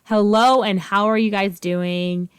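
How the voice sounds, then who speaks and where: A woman in her thirties co-hosting a podcast in casual chat, expressive and swearing freely, swinging between loud and quiet. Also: mid-range voice, unhurried, clear, resonant tone. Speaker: podcast co-host.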